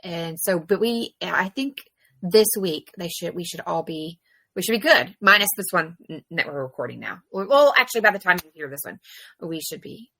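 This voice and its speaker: A chatty woman co-hosts a podcast, telling stories with lively energy and plenty of fillers. Her voice has a bright, forward edge. The sound is close and dry, with no room behind it. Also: fairly low pitch, moderate pace, dry recording. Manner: chatty, animated storytelling with many fillers. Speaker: podcast co-host. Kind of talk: casual chat.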